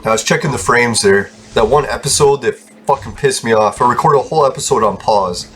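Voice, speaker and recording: A man's voice: mid-range voice, fairly quick, slight background noise. A man hosting a gaming channel, rambling through casual gameplay commentary, laughing often and swearing freely.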